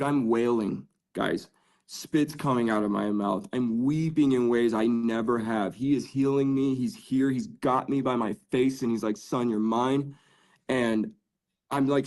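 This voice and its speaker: A man's voice: mid-range voice, darkish tone. Earnest man giving a casual faith testimony. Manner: earnest, casual with frequent "dude" and "like". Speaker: podcast guest.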